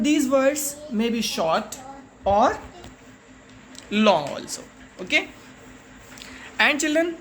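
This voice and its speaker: A woman teacher talks young children through a grammar lesson, repeating each point with patience. Her voice sits a little high, and she takes it very slowly. A faint noise hums under the recording. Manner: slow, patient explaining with frequent repetition.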